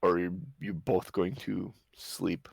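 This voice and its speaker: Gravelly low-voiced game master. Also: male voice, flat delivery, a little slow, no room sound, rough recording. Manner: hesitant, lots of restarts and ums. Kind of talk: narrating a tabletop game.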